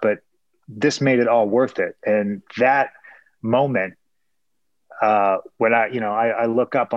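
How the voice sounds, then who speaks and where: A man's voice: on the low side, no room sound, highs cut off. A man from Chicago, a former fighter turned broadcaster, giving earnest, rambling interview answers with many restarts.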